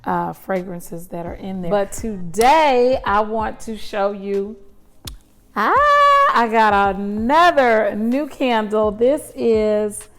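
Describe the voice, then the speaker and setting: A woman vlogger chatting casually at home while unboxing, gushing with lingering "mm"s as she stops to smell. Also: mid-range voice. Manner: gushing, breathy pauses to smell. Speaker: lifestyle vlogger.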